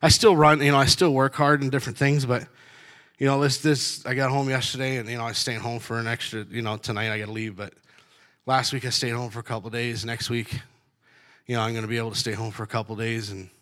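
A middle-aged man tells faith stories in a blunt, down-to-earth way, breaking into short laughs as he goes. His voice sits at an ordinary mid pitch for a man, and his delivery is casual and unscripted. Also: flat delivery, fast talker, a bit bright. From Canada. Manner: blunt, storytelling, laughing between lines. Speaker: truck driver sharing faith.

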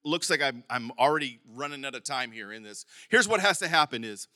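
A middle-aged man preaching a sermon as pastor, animated, with sudden emphatic bursts and some stumbling over words. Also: medium pitch, brisk, dry recording, clean studio sound. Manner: stumbles and repeats words at times.

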